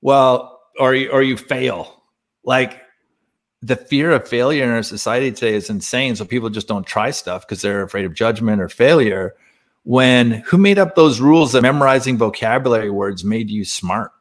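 A man's voice: mid-range voice, normal speed. A man speaking as a podcast guest, telling a personal spiritual story in a casual, earnest way, laughing often and using many fillers.

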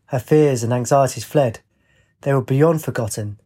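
Husky male audiobook narrator. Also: mid-range voice, dark tone. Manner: measured, descriptive reading.

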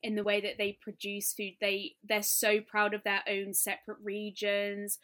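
A woman's voice: medium pitch, monotone, normal speed, bright, forceful tone. A young woman co-hosting a podcast, chatting enthusiastically and rambling a little about food. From France. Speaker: podcast co-host. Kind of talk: casual chat.

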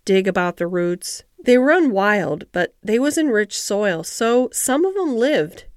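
A grumbling old Yorkshire gardener, as a woman reader puts him on, terse and slow to open up. His gruff, reluctant lines sit in a dry, close storybook recording with no room sound. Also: mid-range voice, very animated, dry recording. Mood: grudging. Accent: Yorkshire dialect. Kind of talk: audiobook character voice.

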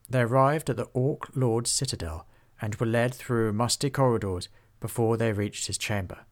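A man narrating a children's fantasy storybook in a steady, even manner. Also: mid-range voice, normal speed.

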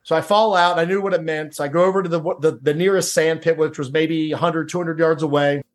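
A middle-aged man with a slightly high voice tells a personal story in a relaxed, conversational way. He restarts his sentences and leans on "like" and "dude.". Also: fast talker. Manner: casual, repeats words, says "dude" and "like". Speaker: podcast guest. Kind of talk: storytelling interview.

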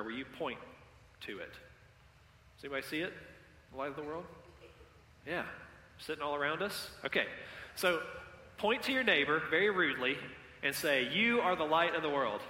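A man's voice: a little high, pushed and bright, slight background noise. A man preaching a sermon as pastor, talking directly with his congregation and having them call out and repeat after him. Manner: interactive, calls on the congregation. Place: church sanctuary. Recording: echoey hall with long reverb.

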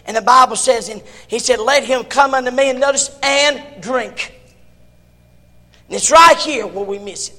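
High, bright-voiced preaching man in a hall. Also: measured pace. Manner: impassioned preaching, swinging from shouts to hushed tones. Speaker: pastor. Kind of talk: sermon.

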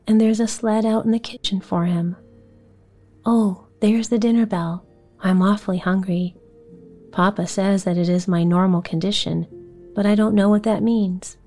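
A woman's voice: medium pitch, fairly even intonation, moderate pace, mellow, faint music behind, natural voice. A woman voicing an eager, chatty little girl in a bedtime story.

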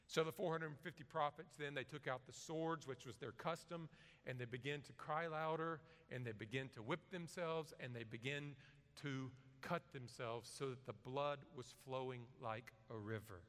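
A man preaching a sermon, reading scripture dramatically and swinging between loud emphasis and hushed asides. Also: mid-range voice, moderate pace, in a large hall.

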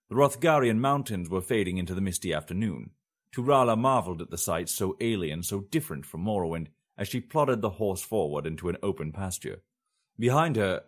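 A man reading a fantasy story aloud in measured audiobook narration. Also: low-pitched.

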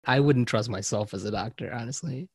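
A man's voice: mid-range voice, brisk, husky, no room sound, clean studio sound. Teasing man. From India. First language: Marathi. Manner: teasing, laid-back banter. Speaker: podcast co-host. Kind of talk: casual chat.

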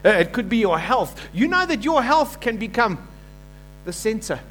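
A man preaches with a fairly high voice, swinging from loud acted-out quotes to low, quiet emphasis. He calls on his listeners to repeat lines with him. A faint electrical hum sits under the recording. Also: moderate pace. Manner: animated preaching, acts out quoted voices, asks congregation to repeat. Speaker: pastor. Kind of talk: sermon.

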